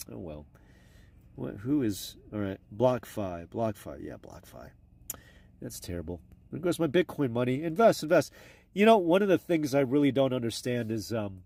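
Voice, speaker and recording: A man's voice: on the high side, dry recording. A man rambling casually and crudely on a live stream, talking into his phone. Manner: crude, meandering, offhand.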